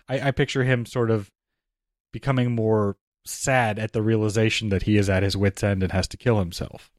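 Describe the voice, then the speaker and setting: A man's voice: on the low side, fairly even intonation, no room sound, studio quality. A man co-hosting a podcast, joking around and talking about a film with lots of "like". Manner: quick, joking, uses like often. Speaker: podcast co-host. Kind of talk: casual film discussion.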